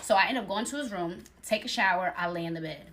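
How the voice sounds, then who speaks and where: A young woman telling a dating story in a casual storytime, animated and acting out the other people's voices. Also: lowish voice, fast talker. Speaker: storyteller in a clip.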